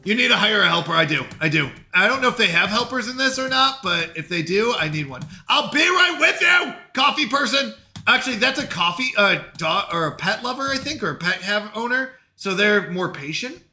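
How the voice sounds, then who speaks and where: A man's voice: sits high, expressive, brisk, few pauses, bright, forceful tone. A man with a Canadian accent, chatting frantically to himself and his stream while playing a game. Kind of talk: live-stream gameplay chat.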